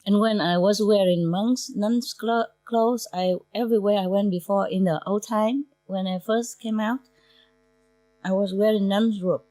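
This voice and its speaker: A woman's voice: medium pitch, steady tone, measured pace, dark tone, dry recording. A woman spiritual teacher speaking informally to her disciples in simple non-native English, often breaking into laughter.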